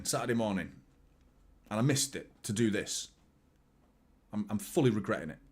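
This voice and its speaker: This is live match commentary and chat from a man hosting a football watchalong. He talks casually and reacts in real time, jumping from excited outbursts to low, muttered asides.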